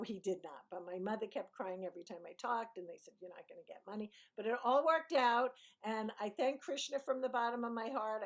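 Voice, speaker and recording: A woman from Brooklyn telling a personal story to camera, chatty and digressive, correcting herself as she goes. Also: a little high. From Brooklyn, New York. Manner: chatty, digressive, self-correcting, laughs often. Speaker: YouTuber.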